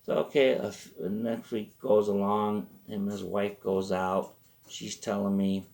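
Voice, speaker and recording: Low gravelly guy, rambly comic storyteller, keeps going off track. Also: flat delivery, a little slow, a little mellow. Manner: rambling, self-interrupting. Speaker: host. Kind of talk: comedic storytelling.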